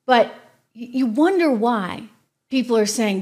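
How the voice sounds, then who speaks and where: A woman's voice: fairly high pitch, lively intonation, a little slow, darkish tone. A woman hosting a political commentary show, emphatic and sarcastic, speaking straight to her audience. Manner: emphatic, sarcastic asides, addresses the audience directly.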